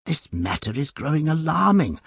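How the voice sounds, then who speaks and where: A man voicing a flustered, modest elderly gentleman who frets anxiously. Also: fairly high pitch, very animated, moderate pace, gravelly, slightly rough, dry recording, pitched above the performer's own voice, heavily acted. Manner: anxious, fretful exclamations.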